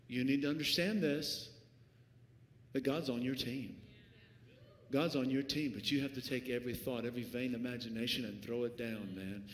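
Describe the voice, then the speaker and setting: A man preaching a sermon as pastor, swinging from hushed lines to shouts. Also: medium pitch, moderate pace, long pauses. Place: church sanctuary. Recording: echoey church hall, faint ambience.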